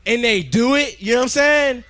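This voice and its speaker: A stand-up comedian man with a very high voice, loud and animated. He swears freely into a handheld mic on a club stage. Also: moderate pace. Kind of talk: stand-up set.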